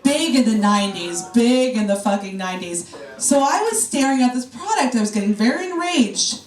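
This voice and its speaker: A woman's voice: a little high, animated, moderate pace, soft background music. A woman doing a brash, profane stand-up set, teasing the crowd. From New York. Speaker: stand-up comedian. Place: comedy club stage. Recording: roomy club sound from a distance. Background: audience laughter.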